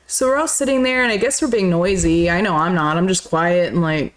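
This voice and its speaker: A woman's voice: fairly low pitch, brisk. A woman co-hosting a live movie stream, telling a personal story in casual chat with frequent laughs and swearing. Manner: laughing anecdotes, swears freely. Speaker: podcast co-host.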